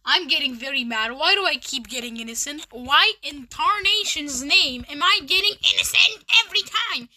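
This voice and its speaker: A woman chatting casually while gaming with friends, excitable and dramatic, shrieking, laughing and complaining loudly. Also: high voice, normal speed, few pauses. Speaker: channel host.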